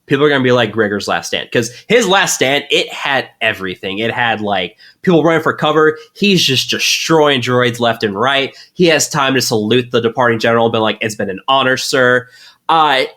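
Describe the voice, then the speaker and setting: A man sitting in as co-host on a casual podcast, talking eagerly and rambling. He leans on fillers and restarts, and his voice sits at an average pitch for a man. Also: expressive, a little fast, hardly any pauses, a bit bright. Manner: enthusiastic, rambling, lots of fillers.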